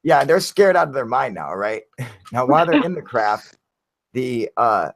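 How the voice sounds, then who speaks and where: A man's voice: mid-range voice, unhurried, no room sound. A man hosting a live stream, telling a story casually in a rambling way, full of fillers and the odd curse word. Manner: rambling, filler-heavy, animated retelling with casual swearing. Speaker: channel host.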